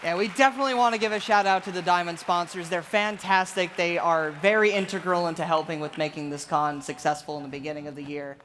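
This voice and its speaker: A man's voice: high voice, fairly even intonation, fast talker, few pauses. A tired man co-hosting a convention closing ceremony, teasing his partner and reading sponsor names. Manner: teasing, playful jabs at co-host. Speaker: convention co-host on stage. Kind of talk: live stage banter. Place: large convention hall stage. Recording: convention hall with crowd noise. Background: crowd and room noise.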